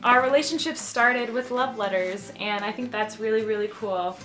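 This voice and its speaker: A young woman in her twenties talks casually to her viewers in a vlog. She is chatty and playful and pokes fun at herself. Clear music plays behind her voice. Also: fairly high pitch, normal speed. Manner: chatty, playful and self-mocking. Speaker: vlogger. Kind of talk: casual vlog talk to camera.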